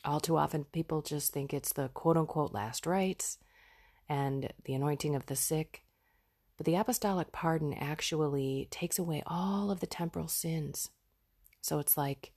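A woman's voice: low-pitched, mellow, slightly rough. A woman hosting a podcast, sharing a raw personal reflection in an earnest, heartfelt way. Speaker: podcast host.

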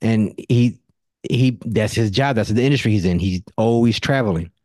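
A man hosting a podcast in casual chat, a lively storyteller who acts out what others said in a higher voice, with a relaxed, drawling way of talking. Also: normal speed, no echo. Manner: animated storyteller acting out quotes in a higher voice; relaxed, drawling, says don't and nothing. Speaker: podcast host.

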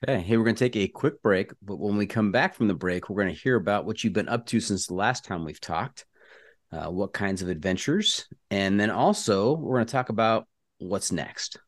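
A man's voice: fairly low pitch, lively intonation, normal speed. A man in his forties from Southern California hosting a casual podcast interview, asking easygoing questions. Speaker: podcast host.

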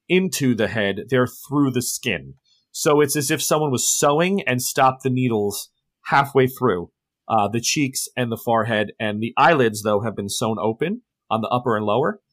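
A man's voice: medium pitch, fairly bright tone, no echo, studio quality. Man running a tabletop game. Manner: laughing, vivid storytelling. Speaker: game master.

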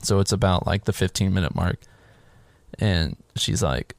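A man with a lowish voice chats his way through a film's plot in a loose, rambling way, slipping into the characters' lines as he goes. The sound is dry and close, with no room echo at all. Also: lively intonation, brisk, gravelly, a little mellow. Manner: rambling storytelling with quoted character lines and swearing. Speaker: podcast host recapping a film. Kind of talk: casual chat.

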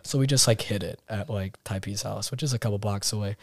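A young man, a podcast guest, telling a long story in a casual, animated way and acting out the quotes. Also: lowish voice, brisk, no room sound. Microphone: podcast mic set slightly far.

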